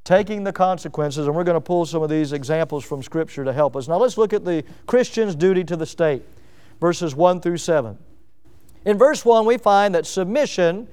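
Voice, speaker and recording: A man preaches a sermon in a high, clear, resonant voice. He leans hard on key words and turns to his congregation with questions. The delivery is emphatic and direct. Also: darkish tone. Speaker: pastor.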